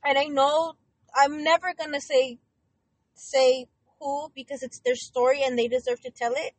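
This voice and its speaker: A woman co-hosting a podcast in casual talk, animated, swearing and slipping Spanish into her English. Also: high-pitched, normal speed, no room sound, low-quality recording. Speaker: podcast co-host.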